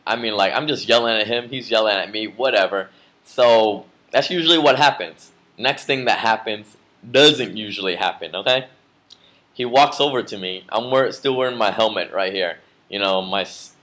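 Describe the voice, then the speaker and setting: A man with a fairly low voice tells a personal story straight to camera. He rambles in a casual vlog style, with plenty of fillers and restarts. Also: a bit bright. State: just woke from a nap. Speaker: vlogger.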